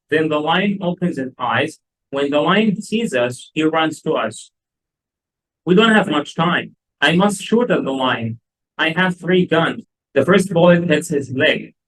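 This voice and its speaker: Egyptian-accented man, english teacher, slow careful reading, slightly high voice. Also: a bit bright, poor audio. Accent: Egyptian Arabic. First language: Egyptian Arabic. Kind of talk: reading a graded story aloud, then explaining it.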